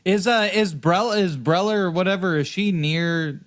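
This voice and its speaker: A man at a tabletop game, trading crude jokes and casual banter with the other players. His voice sits a little high for a man. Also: normal speed.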